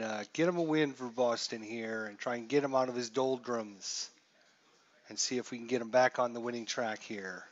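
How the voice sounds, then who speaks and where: Male streamer, casual commentary, stat-heavy, mid pitch. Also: lo-fi sound. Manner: chatty, reels off stats, rises for big plays. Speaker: streamer playing a baseball simulation.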